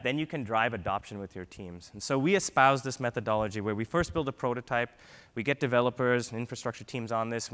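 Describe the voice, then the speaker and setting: Man, keynote speaker, energetic, conversational, big hall reverb. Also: medium pitch. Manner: energetic, frequent "right?" tags. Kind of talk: conference keynote talk. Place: large conference hall.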